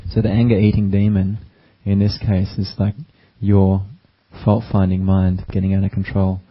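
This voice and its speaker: A male meditation teacher delivers a dharma talk at a gentle, unhurried pace, using lots of fillers. His deep voice stays very flat and even, and the recording sounds dull and lo-fi.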